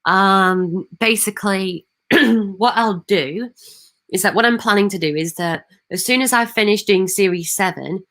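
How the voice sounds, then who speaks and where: A woman from Manchester, England hosts a casual livestream, answering viewer comments hesitantly with lots of ums and restarts. Her mid-range voice is fairly bright, and she speaks at a measured pace.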